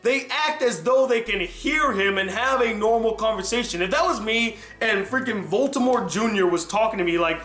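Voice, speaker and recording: A man giving an animated, exasperated film review rant, swearing often. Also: high-pitched, moderate pace, hardly any pauses, echoey room, faint music behind. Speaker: film critic.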